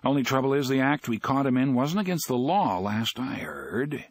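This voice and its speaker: A male narrator playing a weary, grim middle-aged airline captain who talks in a gruff, sarcastic way in an audiobook. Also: mid-range voice, expressive, normal speed, no room sound, lightly acted.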